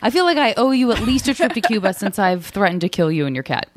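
A woman's voice: mid-range voice, big pitch swings, quick pace, crowd noise. A woman hosting a casual podcast interview, playful and joking, with rambling questions. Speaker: podcast host.

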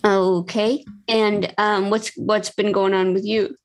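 A woman hosting a comedy podcast game show, chatting with callers in a playful, quick, giggly way. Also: medium pitch, little pitch movement. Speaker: podcast host. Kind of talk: casual comedic chat.

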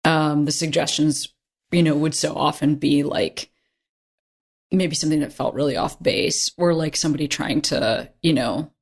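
A woman hosting a podcast, talking in a soft-spoken, hesitant way with many fillers. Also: low-pitched, steady tone, normal speed, breathy edge. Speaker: podcast host. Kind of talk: casual conversation.

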